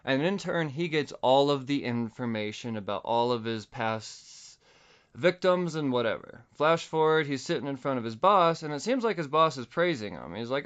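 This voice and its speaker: A man hosting a podcast, casually recapping a comic book with profanity and quick voice impressions. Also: mid-range voice, expressive, fairly bright tone, smooth, dull audio. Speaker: podcast host.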